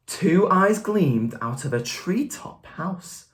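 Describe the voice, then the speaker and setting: A woman teacher who reads a picture book aloud to young children, asking coaxing questions and praising answers warmly. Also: lowish voice, expressive, slow pace, hardly any pauses.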